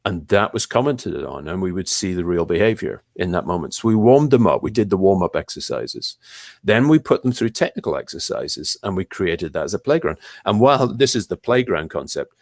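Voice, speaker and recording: Deep-voiced man telling stories. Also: brisk, no room sound, studio quality. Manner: animated storyteller, lively pitch jumps and pace shifts. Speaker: guest, leadership trainer. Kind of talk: conversational interview.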